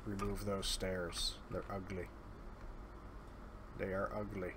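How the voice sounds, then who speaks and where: A man's voice: deep voice, flat delivery, takes it slowly, background noise. A man giving casual, sardonic gameplay commentary, muttering his way through lists of items. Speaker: let's play host. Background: keyboard typing.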